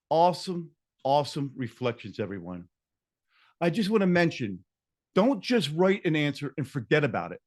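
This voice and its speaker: A man hosting an online book-discussion session on a video call, earnest and encouraging, repeating key lines slowly. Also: on the high side. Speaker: online group facilitator.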